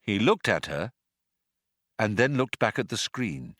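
A man narrates a comic audiobook with a dry, wry touch. His low voice rises and falls widely, bright and forceful in tone. It is close-miked in a dead, dry studio. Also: very animated, a little slow, dry recording.

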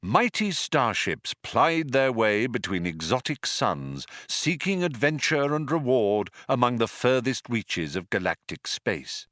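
A man giving wry, richly expressive scripted audiobook narration. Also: mid-range voice, measured pace, few pauses, dry recording, studio quality.

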